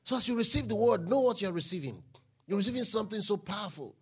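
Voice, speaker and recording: A man preaching a sermon, reading scripture aloud and building to shouted declarations. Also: sits high, lively intonation, fast talker, slightly rough. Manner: Bible reading with call-and-response, rising to shouted declarations.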